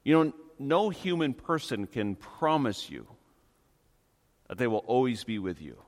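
A pastor delivering a sermon, earnest and emphatic, slowing down to stress key phrases. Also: male voice, medium pitch, big pitch swings, long reverb tail.

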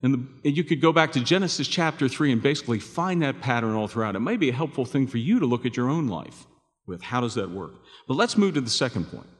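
A man preaches to his congregation, his pitch rising and falling with a lively swing. His tone is conversational and he keeps asking the listeners questions. His voice rings out in a long reverb from the hall. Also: fast talker. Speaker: pastor. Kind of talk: sermon.

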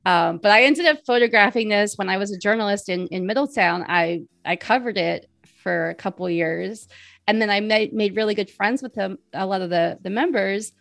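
A woman's voice: medium pitch, fairly quick, creaky, a bit bright, no room sound, clean studio sound. A woman in her forties, an interview guest, chatting casually with lots of fillers and giggles. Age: 40s.

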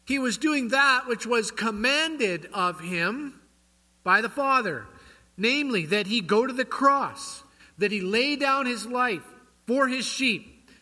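Bright-voiced male pastor in echoing church. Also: extremely high pitch, lively intonation, takes it slowly. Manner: quizzes the congregation with rhetorical questions. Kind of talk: sermon. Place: church sanctuary. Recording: long church hall reverb.

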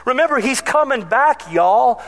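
A man preaching a sermon, telling funny stories from his childhood in an animated way. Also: very high voice, a little slow. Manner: animated, humorous storyteller. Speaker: pastor. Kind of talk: sermon with personal storytelling.

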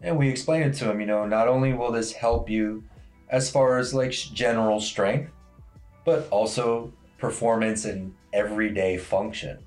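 Low-voiced man coach, casual talk. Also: normal speed, darkish tone, soft background music. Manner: casual, fillers like "you know", swears. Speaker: strength coach. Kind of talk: casual podcast chat.

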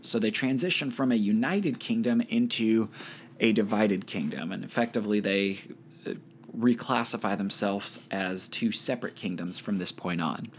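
A man leading a Bible study, reading scripture aloud and adding casual commentary. He talks in a relaxed, conversational way with wry offhand asides. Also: lowish voice, normal speed, a little hiss or hum.

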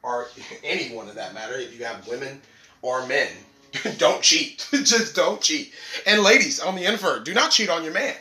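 A man's voice: on the high side, lively intonation, normal speed, sharp tone. A man hosting a podcast, joking and slangy, laughing often in a comic monologue. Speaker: podcast host. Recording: roomy, away from mic.

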